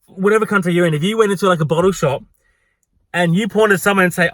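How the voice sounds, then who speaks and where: A man ranting through a storytime vlog about a rude customer, animated and swearing freely. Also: high-pitched, fast, dry recording, studio quality. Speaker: hospitality worker vlogger.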